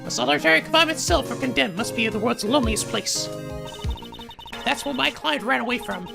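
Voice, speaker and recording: A man doing a high creaky young lady lawyer. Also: fairly quick, full character voice. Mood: earnest. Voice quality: high falsetto with gravelly creak. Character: earnest young woman defense attorney. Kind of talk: video game voice-over dubbing. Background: game music.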